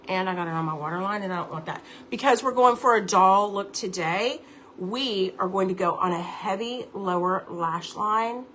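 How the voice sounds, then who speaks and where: A woman's voice: a little high, bright, forceful tone, slight background noise. A woman giving a chatty live makeup tutorial at home, talking viewers through each step. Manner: chatty, instructive, addresses viewers directly. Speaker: makeup seller and beauty teacher.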